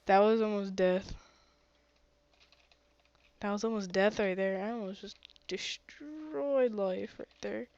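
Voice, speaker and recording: A woman's voice: medium pitch, slow pace, long pauses, darkish tone, muffled recording. A woman streaming a game with a sore throat, chatty and often gasping and exclaiming. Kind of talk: casual gaming commentary.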